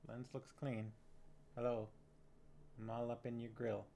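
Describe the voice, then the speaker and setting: Slow gravelly man chatting with viewers. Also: mid-range voice, level tone, dark tone, slight background noise. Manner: rambling, chatty, reacts to chat messages. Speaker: streamer reading a book with viewers. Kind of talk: casual chat with live chat viewers.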